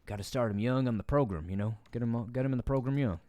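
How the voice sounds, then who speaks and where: A young man with a Southern American drawl chatters through a football game stream, swearing freely and cracking jokes as plays unfold. His voice sits at an everyday middle pitch and reaches a close desk mic in a dry, dead room with no echo. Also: quick pace, dark tone. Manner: profane, rambling, jokey. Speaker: gaming streamer. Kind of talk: casual gameplay commentary.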